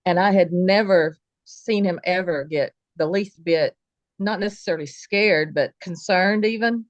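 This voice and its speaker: Woman, low-ish voice, storyteller voicing family members, dry lo-fi mic. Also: measured pace, no echo. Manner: vivid, folksy retelling with quoted dialogue. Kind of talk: personal story told casually.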